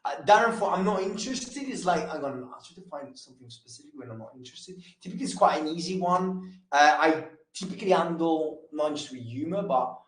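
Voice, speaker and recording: Casual higher-voiced male sales trainer, echoey. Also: expressive. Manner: casual, talks fast with many fillers and restarts. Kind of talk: live training session on a call.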